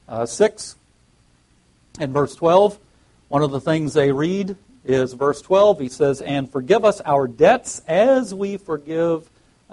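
A man's voice: on the high side, a little mellow, rough recording. A man preaching a sermon and reading scripture aloud, often restarting his phrases and rising emphatically on key words.

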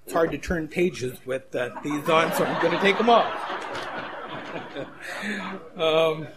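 Guy giving a sermon, chatty storytelling, slightly high voice, restarts a lot. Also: slow pace, background noise. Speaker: preacher.

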